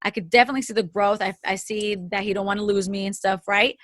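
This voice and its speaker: A woman's voice: medium pitch, fairly even intonation, fast talker, a bit bright, no echo. A woman co-hosting a casual podcast, telling a story animatedly with lots of swearing and laughter. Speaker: podcast co-host. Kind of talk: casual chat.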